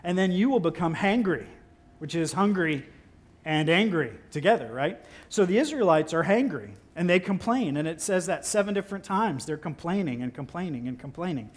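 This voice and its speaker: A man preaching a sermon in a relaxed, conversational and playful way, breaking into exaggerated incredulous outbursts. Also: on the high side, normal speed. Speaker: pastor.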